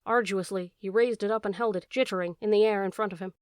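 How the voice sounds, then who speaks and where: A woman narrating a classic animal story in a measured, expressive reading voice. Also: mid-range voice, no echo, studio quality. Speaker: audiobook narrator.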